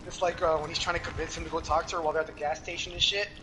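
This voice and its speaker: A man co-hosting a podcast, retelling film scenes in a profane, animated way. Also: on the high side, very fast. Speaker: podcast co-host. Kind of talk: casual chat. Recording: loud background noise.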